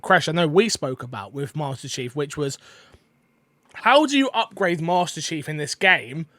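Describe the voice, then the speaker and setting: A man co-hosting a casual podcast chat, rambling and excitable with lots of fillers, eating while he talks. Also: fairly high pitch, no room sound. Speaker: podcast co-host.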